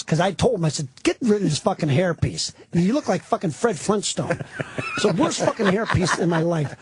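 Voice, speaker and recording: Here's a middle-aged man, a comedian guest on a talk-radio show, whose high, breathy voice moves fairly quickly. He rambles through profane stories in casual banter, animated throughout.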